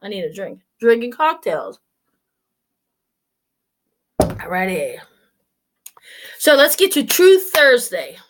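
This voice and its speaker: A woman's voice: fairly high pitch, very animated, slow pace, long pauses, slight background noise. A woman in her forties talking casually to camera, blunt and swearing freely as she tells stories. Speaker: vlogger.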